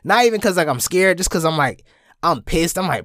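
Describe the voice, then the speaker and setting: A young man talks straight into a close mic, telling a story on his own podcast. His pitch swings widely as he jumps into squeaky high bits, and his casual, profane delivery sounds dry and close. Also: lively intonation, a little fast, fairly bright tone, dry recording. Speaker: podcast host.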